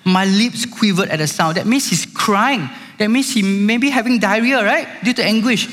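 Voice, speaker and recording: A pastor delivers a sermon in a high, light voice. His words ring out with long reverb in a large hall, and he keeps checking in with the congregation as he preaches. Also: normal speed, few pauses, a bit bright. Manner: preaching with call-outs to the congregation.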